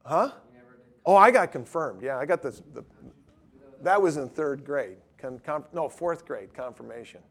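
A middle-aged man telling stories in casual talk, swinging from loud emphatic lines to low mumbled asides. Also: animated, moderate pace, creaky.

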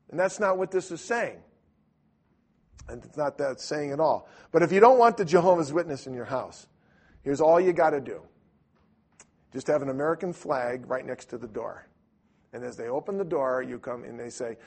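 A middle-aged man preaching a sermon with a husky voice, telling stories and acting out the voices in them. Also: a little high, normal speed. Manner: animated storyteller who acts out voices in his stories. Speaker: preacher or Bible teacher. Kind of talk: storytelling sermon to a live audience.

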